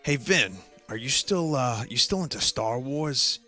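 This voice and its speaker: A man putting on his boastful cousin in his forties, a club owner who talks in a low-key, persuasive way. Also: lively intonation, measured pace, bright, forceful tone, soft background music. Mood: boasting.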